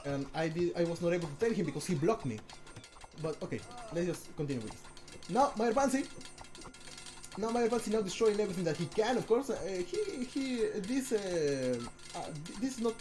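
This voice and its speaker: A man casting a strategy game on a live stream, excitable, talking to his chat, often restarting and repeating words. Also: sits high, normal speed, faint music behind.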